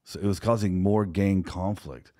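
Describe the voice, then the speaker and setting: A man's voice: sits low, steady tone, normal speed, mellow. A man who co-owns a security company, telling a story in conversation and acting out the dialogue of the people in it.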